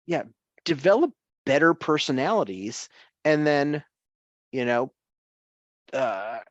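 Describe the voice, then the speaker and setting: A man's voice: a little high, big pitch swings, slow, dry recording, dull audio. A man co-hosting a sports podcast in casual chat, chuckling often and rambling through restarts.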